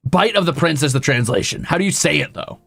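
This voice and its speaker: A man's voice: fairly high pitch, expressive, fast, vocal fry, fairly bright tone, breathy edge, no echo, soft background music. A male streamer chatting casually with his viewers, rambling and poking fun at himself. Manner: rambling, self-deprecating, talks to chat. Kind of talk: casual livestream chat.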